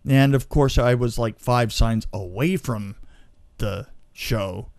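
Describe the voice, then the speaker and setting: Guy rambling thru a funny story, mid-pitched, keeps laughing and restarting, dry close sound. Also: takes it slowly, a little mellow, no room sound. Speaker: storyteller guest. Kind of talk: casual anecdote.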